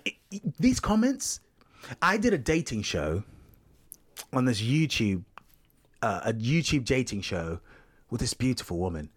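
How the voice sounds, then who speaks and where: A man with an English accent, a podcast guest chatting casually and telling animated stories. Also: mid-range voice, slightly rough. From England. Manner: animated storytelling, quick and expressive. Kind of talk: casual chat.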